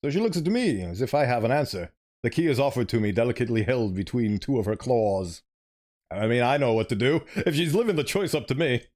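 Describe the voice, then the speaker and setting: A man's voice: medium pitch, expressive, fairly quick, a little mellow. A man streaming a story game, reading it aloud and chatting animatedly, sometimes fumbling for words.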